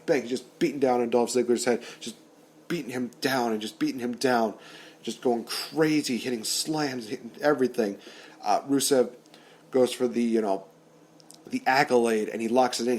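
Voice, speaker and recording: A man hosting a wrestling podcast, excitedly retelling an imagined storyline and acting out the wrestlers' lines and sound effects. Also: medium pitch. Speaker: podcast host. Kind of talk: fantasy booking recap, casual podcast talk.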